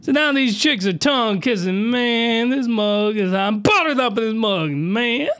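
A man's voice: very high-pitched, expressive, a little slow, a bit bright. A man giving a crude, rambling comic review, full of fillers and asides. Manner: rambling, rough-edged, with many fillers. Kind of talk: crude comedic commentary.

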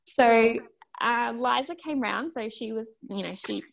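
A young woman telling a story in a loose, chatty way, with lots of "um" and "like" as she acts out what everyone said. Her voice sits at a middle pitch with a gravelly, fried edge at the ends of phrases. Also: a little slow, slight background noise. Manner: chatty, many fillers, quotes herself and others. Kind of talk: casual storytelling.

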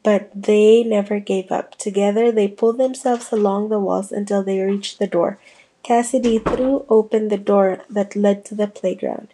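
A woman reading a children's ghost storybook aloud, voicing the kids' lines with a lively lift. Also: medium pitch, normal speed, low-quality recording. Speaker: audiobook reader. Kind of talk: storybook narration.

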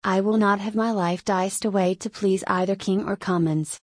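A woman's voice: medium pitch, steady tone, moderate pace, no room sound, studio quality, lightly acted. A woman reading the lines of a terrified, cowardly male ex-chancellor who pleads in panic, in a storybook.

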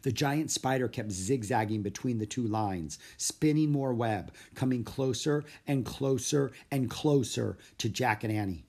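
A man's voice: mid-range voice, measured pace, few pauses, a little mellow. Man reading a storybook aloud. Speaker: narrator. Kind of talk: storybook read-aloud narration.

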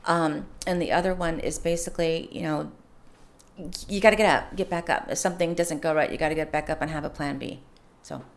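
A mother in her forties talking openly and warmly about raising her children, in a casual podcast conversation. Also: sits low, steady tone. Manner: open, heartfelt storytelling, quick to laugh. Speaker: podcast guest. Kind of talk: casual chat.

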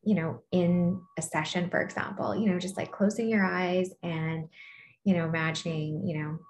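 Woman, lowish voice, thoughtful, soft-spoken coach, rhetorical questions. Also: fairly even intonation, moderate pace, slight background noise. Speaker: guest sex coach. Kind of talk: casual interview.

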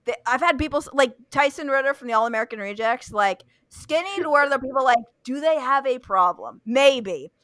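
A woman's voice: sits high, animated, fairly quick, hardly any pauses, fairly bright tone, no room sound. A young woman hosting a casual chat, blunt and profane, with lots of fillers and restarts. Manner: blunt, swears freely, many fillers and restarts. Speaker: podcast host.

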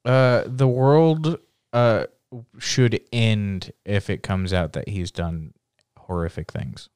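Male podcast co-host, smooth voice, easy rambling banter, dry sound. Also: fairly low pitch, takes it slowly, a little mellow, dry recording. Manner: chatty, trails off with fillers. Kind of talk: casual chat.

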